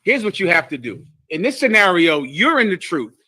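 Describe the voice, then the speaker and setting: High, bright-voiced man teaching emphatically. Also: very animated, moderate pace. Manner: emphatic, blunt, preachy. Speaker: teacher leading a congregation class. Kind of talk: sermon-style teaching.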